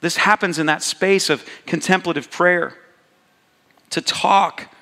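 A man preaching a sermon as pastor, slow and intimate, repeating words for emphasis. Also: high voice, fairly even intonation, gravelly, sharp tone. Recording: long hall reverb.

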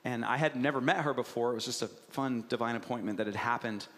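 A man's voice: mid-range voice, quick pace, fairly bright tone. A man preaching a sermon, asking the congregation questions and telling stories with animation. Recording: long reverb of a large hall.

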